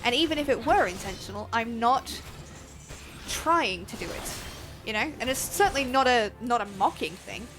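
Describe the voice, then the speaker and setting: A young woman with an Australian accent talks through her game in a loose, chatty live-stream ramble. She swears easily, laughs often, and shouts at the enemies on screen. Her voice sits high, with soft game music playing underneath. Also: expressive, moderate pace. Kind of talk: casual live-stream chat while gaming.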